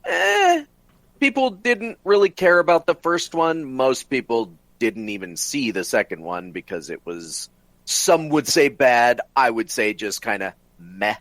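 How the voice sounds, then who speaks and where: A man's voice: medium pitch, very animated, measured pace, fairly bright tone, no room sound. A man co-hosting a casual podcast, enthusiastic and opinionated as he makes his points. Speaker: podcast co-host. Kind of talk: casual chat.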